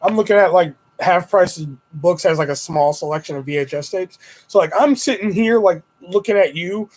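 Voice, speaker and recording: Over a low-quality desktop-mic recording, a young man hosts a casual live-stream chat at normal speed in a light, high voice. His talk wanders and is full of swearing. Retelling his stories with energy, he leaps into high-pitched exclamations whenever he acts out his own quoted lines.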